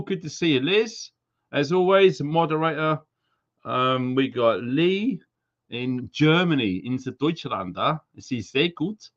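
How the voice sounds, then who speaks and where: A man's voice: fairly high pitch, a bit bright. A man hosting a live stream, reading out viewers' names and places in a chatty, jokey way and slipping into silly accents. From Wales. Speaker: livestream host. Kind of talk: casual live-stream shout-outs. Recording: slightly dull lo-fi stream audio.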